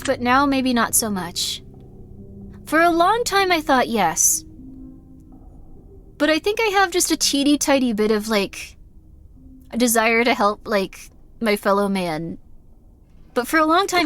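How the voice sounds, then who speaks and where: High-voiced rambling woman streamer. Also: a bit bright. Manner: rambling, filler-heavy, self-deprecating. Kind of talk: casual live-stream chat while gaming.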